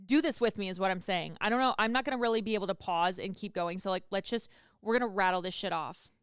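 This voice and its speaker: A woman's voice: medium pitch, quick pace, smooth, no room sound, faint music behind. A woman hosting a podcast, chatting casually and candidly and swearing freely. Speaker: podcast host. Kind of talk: casual chat.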